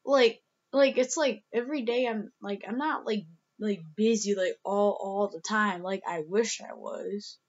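A young woman with a medium-pitched voice speaks a little slowly, and the audio sounds dull. In her casual vlog she rambles with constant "like"s and many restarts, emotional and close to tears.

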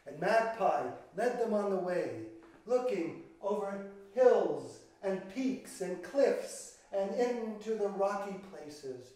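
A man's voice: sits high, expressive, takes it slowly, warm tone. An older man telling a children's story in a dramatic way, with gasps and sung chants, and speaking directly to the young listeners. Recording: echoey room, from far off the mic.

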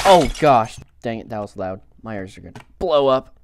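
A young man hosting a gaming channel, reacting excitably to the game with yelps and groans. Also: fairly low pitch, brisk, vocal fry, a little hiss or hum. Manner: excitable, frequent outbursts and groans. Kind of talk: game commentary.

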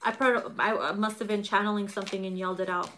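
A middle-aged woman giving a casual tarot reading to viewers, animated and profane, laughing often and acting out quotes. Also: medium pitch, very fast, slight background noise. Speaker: tarot reader.

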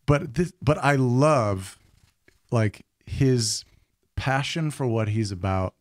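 A man's voice: medium pitch, takes it slowly, no room sound, studio quality. A man co-hosting a podcast in casual chat, rambling with many fillers and restarts. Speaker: podcast co-host.

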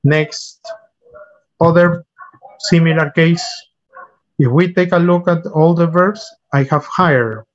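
A man's voice: on the high side, slow pace, pauses often, highs cut off. A man teaching an online English class, patiently repeating and spelling words out for his students over a computer mic. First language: Spanish. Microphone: computer mic on a video call.

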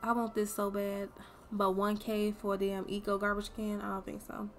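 Gravelly-voiced young woman streamer. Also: mid-range voice, monotone, moderate pace, slight background noise. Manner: chatty, swears freely, talks to viewers. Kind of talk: casual gameplay commentary.

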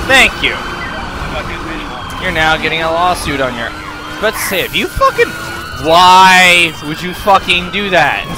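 A young man commentating a racing game, swearing angrily at it and breaking into loud shouts and yelps. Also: noisy background. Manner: angry, profane ranting at the game; shouts and yelps in sudden high bursts. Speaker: gaming YouTuber. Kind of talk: let's play commentary. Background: game music and car engine sounds.

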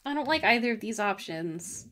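A woman's voice: mid-range voice, lively intonation, normal speed, a bit bright, lightly acted. A woman playing an anxious, awkward young dropout. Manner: self-deprecating, nervous.

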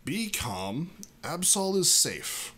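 A man voicing a wise, slow-spoken male psychic creature for a fan dub. He talks solemnly and puts his words in an inverted order. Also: a little high, sing-song, sharp tone, husky, pitched above the performer's own voice, heavily acted. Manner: solemn, inverted Yoda-like phrasing.

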